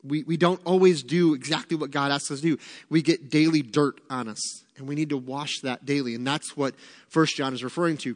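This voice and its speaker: A middle-aged male pastor delivering a sermon in a conversational, emphatic teaching manner, with a slightly higher voice than most men. His words ring out with a long reverb, as in a church hall.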